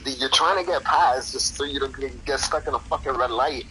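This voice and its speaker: A man's voice: mid-range voice, a little fast. A man hosting a podcast, chatting casually and telling anecdotes full of slang and swearing, laughing often. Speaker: podcast host. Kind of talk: casual storytelling chat. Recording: noisy background.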